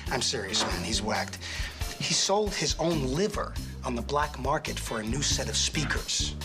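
A man's voice: mid-range voice, expressive, normal speed, close to an everyday voice. A man playing a jittery, gossipy teen boy. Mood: urgent. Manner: urgent, hushed, gossipy. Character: nervous gossipy teenage boy. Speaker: film character. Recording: film clip under background music.

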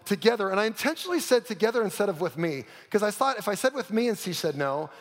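A man preaches in a somewhat high voice, telling his story dramatically and sinking to a hush at the key moments. His words trail off into the long reverb of a large church auditorium. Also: sing-song, fast. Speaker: pastor. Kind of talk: sermon storytelling.

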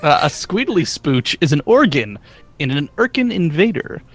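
A chatty man with a slightly high voice, riffing casually during a board game. He laughs between his words as he spins little pictures. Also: very animated, moderate pace, faint music behind. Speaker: podcast co-host.

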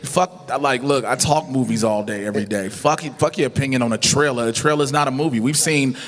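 A man co-hosting a live podcast panel, talking fast, swearing freely and getting worked up. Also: mid-range voice, in a large hall. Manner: fast-talking, profane, excitable. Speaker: podcast co-host.

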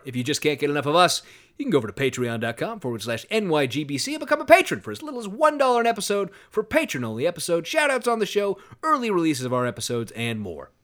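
A podcast host, a man with a bright, forceful voice that leaps up and down as he mocks what he hears. He talks casually, sarcastic and sometimes profane. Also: a little high. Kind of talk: casual political commentary chat.

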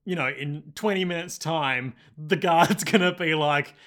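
A man's voice: fairly high pitch, fairly bright tone. A man casually recapping an anime with a friend, laughing often and acting out lines. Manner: laughs often, quick asides, acts out lines.

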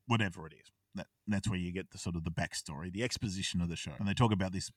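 A man's voice: sits low, no echo, clean studio sound, far from the mic. A man chatting casually as a podcast co-host, rambling through an episode recap, swearing and acting out bits of the scenes. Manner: rambling, swears freely, acts out scenes in quick quoted voices.

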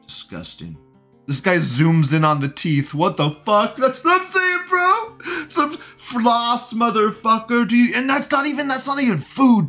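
A male stream host reacting to online threads in a profane, rambling, mocking way. His pitch swings widely, jumping up high and dropping low. Faint music plays behind him. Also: a bit bright. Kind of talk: casual live-stream commentary.

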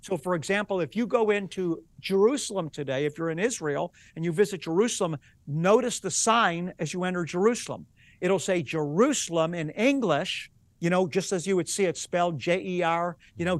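A man's voice: high-pitched, no echo. A rabbi and Bible teacher, a man, explaining in an earnest teaching manner during a broadcast interview, working through examples step by step.

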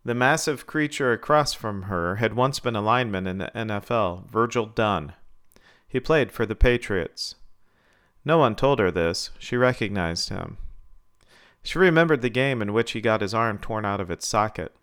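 A man reading a short story aloud in a measured, scripted narration. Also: lowish voice, expressive, a bit bright, smooth.

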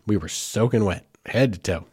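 A man's voice: on the low side, moderate pace, darkish tone, breathy edge, dry recording, clean studio sound. A man, a father, telling a family story in a casual, rambling way with lots of fillers. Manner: rambling, chatty, with many fillers like "like" and "you know".

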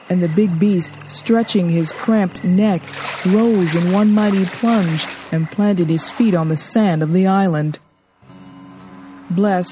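A woman narrating a novel in a measured, expressive audiobook reading. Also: fairly low pitch, a little hiss or hum.

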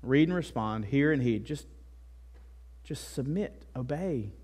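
A man's voice: medium pitch, animated, measured pace, a little mellow, husky. A male pastor delivering a sermon in a conversational way, with frequent asides and tag questions. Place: church.

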